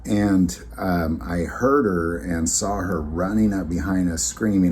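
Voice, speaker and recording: A man's voice: deep voice, a little slow, hardly any pauses, a little mellow, slight background noise. A man hosting his own vlog, telling a story in a rambling, conversational way with many fillers and restarts. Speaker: channel host.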